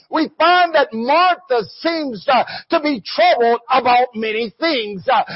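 A man preaching with a strikingly high, husky voice, punctuating the sermon with "amen" and breaking into shouts. The recording is dry and dull, with a muffled lo-fi sound. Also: dry recording.

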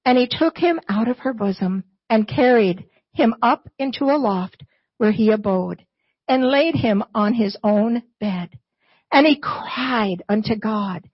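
Slow, breathy woman preaching a sermon. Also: fairly high pitch, animated, dry recording, lo-fi sound. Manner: earnest, retelling scripture with emphasis and repetition. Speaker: church speaker, not the pastor. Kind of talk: sermon with scripture reading.

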